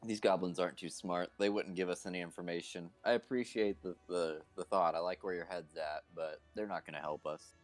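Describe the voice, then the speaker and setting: A man with a very deep voice plays a tabletop game, blunt and dry. Faint music plays behind. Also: fairly even intonation, a little fast, few pauses. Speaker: player.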